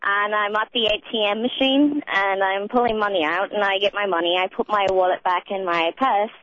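A woman's voice: medium pitch, steady tone, a little fast, fairly bright tone, no room sound, muffled recording. A young woman, calling in to a radio show and telling a story in an easygoing way. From England. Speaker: caller.

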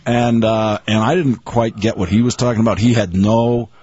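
A man's voice: on the low side, steady tone, moderate pace, a little mellow. A man from Boston, a guest on a radio show, telling stories animatedly and laughing mid-sentence. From Boston, USA. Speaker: guest, TV producer. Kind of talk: casual radio chat. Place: radio studio. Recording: dull radio broadcast sound.

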